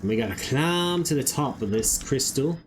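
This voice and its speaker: A man's voice: medium pitch, lively intonation, normal speed, noisy background. A man streaming a game, muttering casual commentary and humming to himself. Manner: muttering, hums along to the music.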